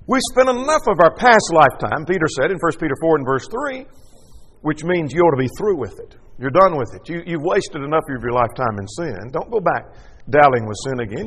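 A man's voice: a little high, husky, in a large hall. A man preaching a sermon with emphatic delivery, acting out quoted dialogue as he goes.

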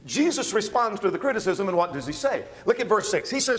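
A man preaching an expository sermon, walking through verses with emphatic, animated delivery. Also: high-pitched, fairly quick, hardly any pauses, long reverb tail. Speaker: pastor.

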